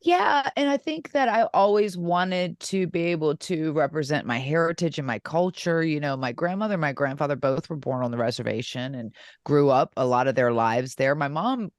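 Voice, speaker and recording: Middle-aged woman co-host, earnest rambling talker, smooth resonant voice, dry close sound. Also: low voice, expressive, normal speed, no echo. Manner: earnest, rambling with many fillers. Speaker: co-host and wrestling champion. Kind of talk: casual podcast chat.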